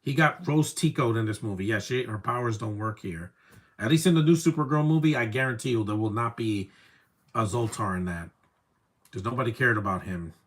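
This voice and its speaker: A young man giving casual live commentary over a movie, wry and opinionated, often trailing off into quiet asides. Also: medium pitch, brisk. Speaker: film commentary host.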